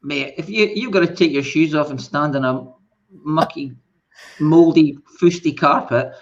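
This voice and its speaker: A co-host bantering in a relaxed live chat, teasing his partner. His voice is a little high for a man and comes through muffled and lo-fi, as over a remote call. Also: normal speed. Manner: banters and teases. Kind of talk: casual live-stream chat.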